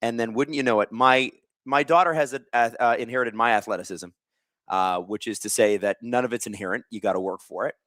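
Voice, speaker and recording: A man's voice: mid-range voice, fairly quick, fairly bright tone, no room sound, studio quality. A man in his thirties hosting a live hockey watch stream, telling stories in a rambling way with lots of fillers and restarts. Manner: talks while snacking. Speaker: stream host. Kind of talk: casual live-stream chat.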